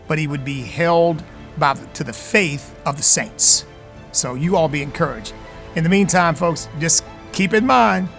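A man's voice: on the high side, vocal fry, fairly bright tone. A man hosting a call-in radio show, speaking in a preacherly way that rises to emphatic peaks. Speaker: radio talk show host.

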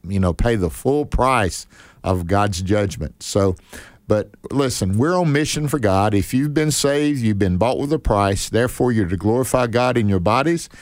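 An older man hosting a faith talk show in a folksy, unhurried, preacherly way. He restarts his sentences, repeating words as he goes. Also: on the low side, darkish tone, no room sound. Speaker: host. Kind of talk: casual chat.

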